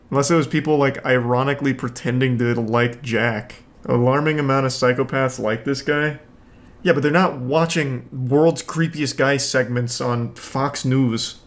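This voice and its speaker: A man hosting a reaction video, reacting in casual commentary with incredulous, profane ranting. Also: medium pitch.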